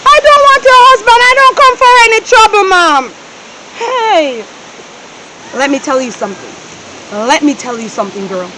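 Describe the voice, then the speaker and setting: A woman's voice: very high-pitched, lively intonation, normal speed, pushed and bright, a little hiss or hum, exaggerated voice, rough recording. A woman playing a pleading Jamaican maid. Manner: pleading, tearful, ends phrases with "oh". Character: young maid, timid and pleading. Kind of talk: comedy skit acting.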